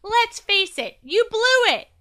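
A woman voicing an excited young boy who shouts and taunts during a chase. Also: extremely high pitch, takes it slowly, pitched above the performer's own voice, full character voice. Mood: taunting.

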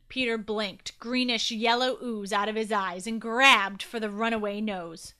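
A woman narrating a children's story in an expressive, animated reading. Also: on the high side, unhurried.

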